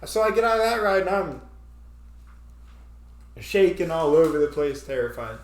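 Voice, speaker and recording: A man's voice: on the high side, normal speed, echoey room. A man hosting a casual chat, telling a story with frequent laughs and acted-out panic. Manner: animated, laughing often, acts out his own panic. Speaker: podcast host.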